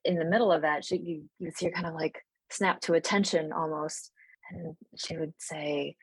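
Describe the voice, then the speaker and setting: A woman running a tabletop role-play game as game master, describing the scene in a relaxed, loose way. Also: low voice, normal speed, slightly rough, no echo, rough recording. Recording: dry close sound.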